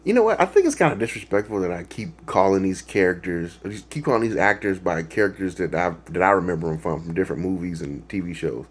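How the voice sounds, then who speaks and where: A man's voice: sits low, expressive, quick pace, hardly any pauses, breathy edge. A man hosting a reaction video, talking in a rambling, casual way with lots of fillers and restarts and laughing at his own jokes.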